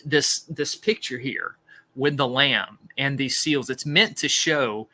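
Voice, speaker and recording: A man leads an informal Bible study, talking it through in an earnest, explanatory way as he works out his points. His voice is bright and forceful, and its pitch sits in the ordinary middle range for a man. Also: slow pace. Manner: earnest and explanatory, thinking aloud. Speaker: podcast host teaching scripture.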